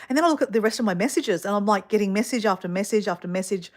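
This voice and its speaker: A woman's voice: medium pitch, very fast. A middle-aged Australian woman vlogger, chatting casually through a rambling personal story full of fillers and asides.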